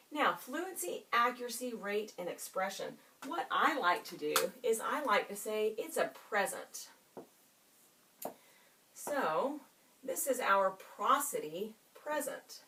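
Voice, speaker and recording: Her voice a little high, a woman teaching reading is heard far from the mic via a room camera. She asks the students questions and draws out key words with expressive, teacherly emphasis.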